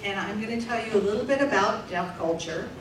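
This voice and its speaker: A woman interpreting a deaf comedian's stand-up set aloud for a live audience, in a lively, animated way. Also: mid-range voice, brisk, noisy background. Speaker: sign language interpreter voicing a deaf comedian. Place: large room with a live audience. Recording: echoey distant room recording.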